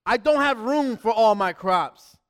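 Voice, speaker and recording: A man's voice: extremely high pitch, measured pace, clean tone, pitched above the performer's own voice, exaggerated voice. A man voicing a boastful rich farmer from a parable, read aloud during a sermon. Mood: excited. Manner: excited, then smug and lazy. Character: boastful rich farmer planning bigger barns.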